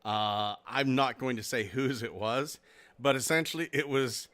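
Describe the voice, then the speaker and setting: A man's voice: mid-range voice, measured pace, a bit bright. A man hosting a casual podcast, laughing and swearing as he chats with guests. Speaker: podcast host. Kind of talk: casual chat.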